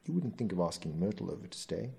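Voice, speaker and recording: Fussy, defensive young husband, read by a man with a deep, gravelly storybook voice. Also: very animated, fast, dark tone, heavily acted. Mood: fussing.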